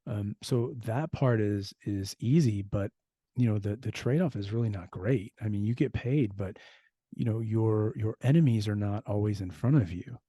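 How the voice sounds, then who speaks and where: A man's voice: fairly low pitch, moderate pace, mellow, no echo. A man, a former US Marine and security expert, speaking as an interview guest in an earnest, reflective way with frequent restarts. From United States. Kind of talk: casual interview talk.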